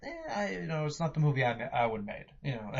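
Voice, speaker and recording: A man's voice: fairly high pitch, very animated, fairly quick, vocal fry, slightly rough. A man casually reviewing a movie for a podcast, rambling with many fillers and restarts. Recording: dull lo-fi home recording.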